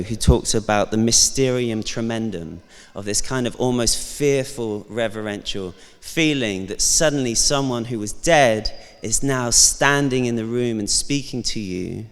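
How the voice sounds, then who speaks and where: A man's voice: lowish voice, clear, resonant tone. A man, preaching a sermon as the pastor in a conversational, thoughtful way, with casual asides. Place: church. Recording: long church reverb.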